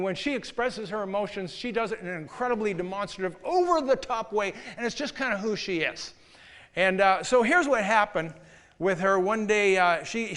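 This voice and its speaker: A middle-aged pastor preaching a sermon, telling a story with animated delivery and laughing along at it. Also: male voice, sits high.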